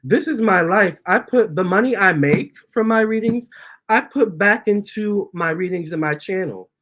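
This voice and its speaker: A man hosting a casual storytime, reading out viewer comments, chatty and animated, often stopping to talk to his cats. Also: high-pitched, moderate pace. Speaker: tarot reader and channel host.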